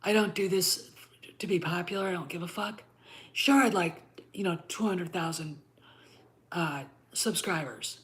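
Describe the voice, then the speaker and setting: A woman's voice: on the low side, measured pace, a bit bright. A middle-aged woman hosting her own channel, ranting bluntly with frequent swearing and repeated "okay?" checks. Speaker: channel host. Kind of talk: ranting commentary to camera.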